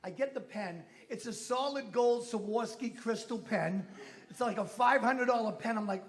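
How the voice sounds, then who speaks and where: A man's voice: very high-pitched, moderate pace. A middle-aged man doing a stand-up routine, telling punchy stories with sudden exclamations and swearing. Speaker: stand-up comedian. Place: comedy club stage.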